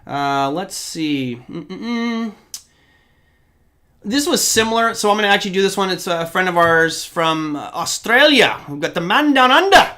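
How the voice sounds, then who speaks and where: A man's voice: high voice, animated, normal speed, few pauses, bright, forceful tone. A man hosting a live trading show, answering viewer questions in a chatty, rambling way with asides to the chat. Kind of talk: live-stream Q&A.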